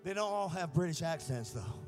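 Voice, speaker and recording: An American man preaching a prophetic sermon, telling stories and building to shouted fervor. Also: fairly high pitch, animated, normal speed, music in the background. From United States.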